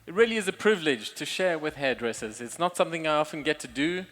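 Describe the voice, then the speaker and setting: A man hairstylist giving a candid, relaxed speech to hairdressers from a show stage. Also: fairly high pitch, fast talker, a little hiss or hum. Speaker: session stylist and show presenter.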